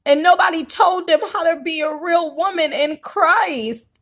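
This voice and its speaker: Tearful, impassioned high-voiced woman vlogger. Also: a little slow, a bit bright. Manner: impassioned, tearful, preacher-like cadence. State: crying at times. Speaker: YouTube vlogger. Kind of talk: emotional venting monologue.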